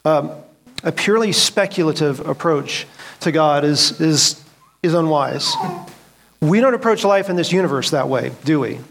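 Guy teaching bible class, kinda high voice, earnest, asks the group stuff. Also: animated, moderate pace, creaky, fairly bright tone, slight background noise. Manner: earnest, asks the room questions, quotes scripture. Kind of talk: church teaching session.

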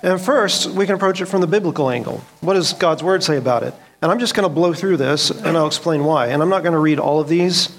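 Guy teaching bible class, kinda high voice, earnest, asks the group stuff. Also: fast, few pauses. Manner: earnest, asks the room questions, quotes scripture. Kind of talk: church teaching session.

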